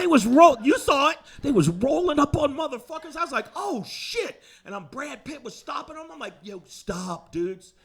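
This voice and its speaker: Brash, animated male stand-up comic. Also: very high-pitched. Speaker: stand-up comedian. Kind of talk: stand-up comedy set. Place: comedy club stage.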